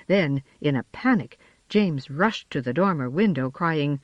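A narrator reading a children's storybook aloud in a measured, expressive way, in a slightly dull, dry recording. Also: medium pitch, no room sound.

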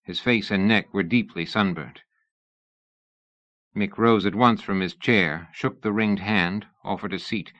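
Low-voiced male audiobook narrator. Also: measured pace, fairly bright tone, dry recording, muffled recording. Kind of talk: scripted narration.

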